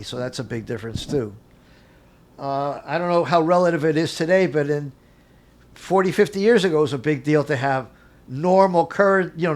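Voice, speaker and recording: An older man, a guest on an interview show, telling animated anecdotes from his career and acting out the dialogue with frequent chuckles. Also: on the high side. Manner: acts out dialogue in quotes. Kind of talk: casual storytelling interview.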